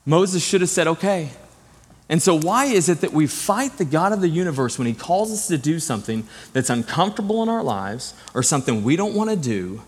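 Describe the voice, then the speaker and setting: A man's voice: fairly high pitch, brisk, slightly rough. Man preaching in a reverberant hall. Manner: storytelling, animated and earnest. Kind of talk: sermon. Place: church sanctuary.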